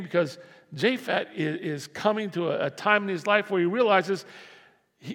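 A man's voice: high voice, creaky, fairly bright tone. A man preaching a sermon, emphatic, repeating key lines and asking the congregation to answer back. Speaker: pastor. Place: church sanctuary. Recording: echoey church hall.

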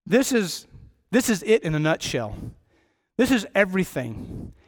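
High-voiced man preaching a sermon. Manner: rambling, self-deprecating, jokey asides. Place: church.

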